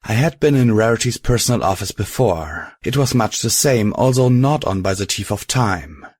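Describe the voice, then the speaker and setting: A man narrating a fan fiction audiobook in a steady, deliberate storytelling manner. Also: lowish voice, dry recording, clean studio sound.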